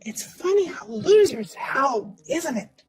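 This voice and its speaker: A woman's voice: high-pitched, sing-song, takes it slowly, exaggerated voice, low-quality recording. A woman voicing a smug, boastful young woman who taunts and mocks in a sing-song way. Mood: smug taunting. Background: faint music.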